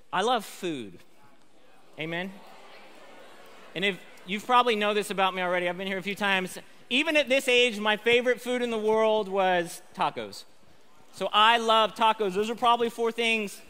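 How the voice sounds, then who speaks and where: A man giving an energetic, conversational school chapel sermon in a large chapel hall. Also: sits high. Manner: energetic and conversational, lively emphasis. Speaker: chapel speaker. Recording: long hall reverb.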